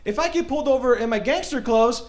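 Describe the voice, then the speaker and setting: A young man from Texas doing a stand-up comedy set on a club stage, self-mocking, with loud bursts for acted bits. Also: very high voice, fast. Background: audience laughter.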